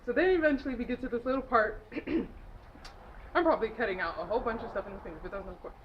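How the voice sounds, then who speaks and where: A woman's voice: fairly high pitch, rapid-fire. A woman retelling a film plot in a loose, giggly way, full of fillers and self-corrections. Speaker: movie reviewer. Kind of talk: casual rambling movie recap. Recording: dull lo-fi home recording with faint noise.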